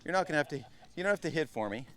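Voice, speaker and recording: A middle-aged man coaching a group at a live golf clinic, chatty and energetic, often turning to the group as guys. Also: on the high side, very fast. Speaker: golf instructor.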